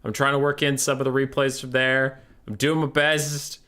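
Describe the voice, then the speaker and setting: A man streaming a strategy game, chatting casually and brashly with his viewers, swearing freely and reacting out loud. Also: mid-range voice, moderate pace. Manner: brash, swearing, animated, talks to chat. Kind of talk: casual gaming stream chat.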